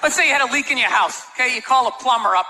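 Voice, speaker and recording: High-pitched ranting stand-up comic. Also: male voice, racing. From United States. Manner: sarcastic, ranting, swears often. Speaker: stand-up comedian. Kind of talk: stand-up comedy set. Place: comedy club stage. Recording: live club with crowd laughing and room noise.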